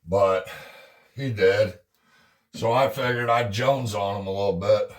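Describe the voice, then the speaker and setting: A man's voice: on the low side, a little slow. A middle-aged man telling a casual story at home while working on a dryer, profane and rambling, laughing often. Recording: roomy sound from a distance.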